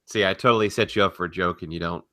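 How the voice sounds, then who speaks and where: Podcast dude w a really deep voice, kinda sharp tone, chill and matter of fact, likes to tease. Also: male voice, rapid-fire. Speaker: podcast co-host. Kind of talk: casual chat.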